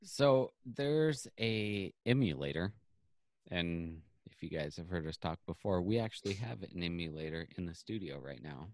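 A man's voice: deep voice, animated, normal speed, dry recording, clean studio sound. A man co-hosting a podcast, explaining things loosely and hesitantly in casual chat. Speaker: podcast co-host.

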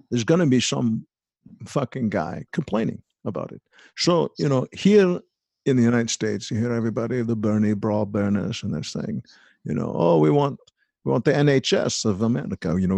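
A man's voice: mid-range voice, darkish tone, no room sound. A man putting on a crude, boastful aging male film star, rambling through profane rants. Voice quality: gravelly, husky. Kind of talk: comedic impression in a podcast chat.

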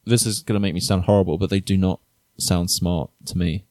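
Low-voiced British man, dry sound. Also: steady tone, fairly quick, darkish tone, no echo. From England. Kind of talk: casual podcast chat.

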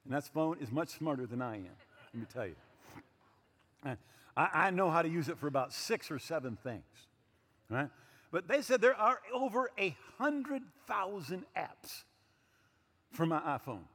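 Guy in his 60s preaching a sermon, high voice bouncing all over, big echoey church hall. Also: very animated, unhurried, long pauses, fairly bright tone, husky. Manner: emphatic preaching with light humorous asides. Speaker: pastor.

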